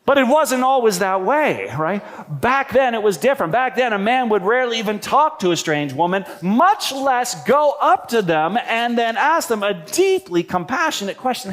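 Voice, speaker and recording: A male pastor delivers a sermon in a church. His high voice swings widely in pitch, and his talk stays conversational, with wry humorous asides. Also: big pitch swings, moderate pace, a bit bright.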